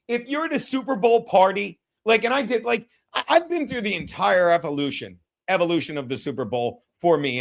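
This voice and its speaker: A man's voice: high-pitched, gravelly. A man hosting a podcast, chatting casually and bluntly, rambling and swearing often. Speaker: podcast host. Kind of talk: casual, profane chat.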